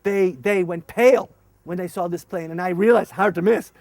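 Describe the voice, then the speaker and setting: High-voiced man telling a story. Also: moderate pace, dry recording. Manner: animated, acts out dialogue in raised voices. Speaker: former paratrooper officer. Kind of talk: storytelling testimony.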